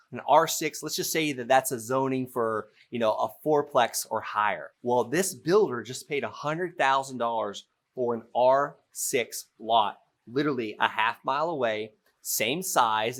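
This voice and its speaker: A middle-aged man teaching real estate by acting out a phone negotiation as a lively story. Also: mid-range voice. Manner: animated storytelling, playful role-play. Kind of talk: teaching through an acted-out example.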